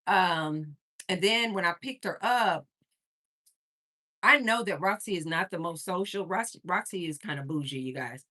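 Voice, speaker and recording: A woman hosting a casual livestream, chatting with viewers and telling stories in an animated way. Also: lowish voice, unhurried. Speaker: livestream host.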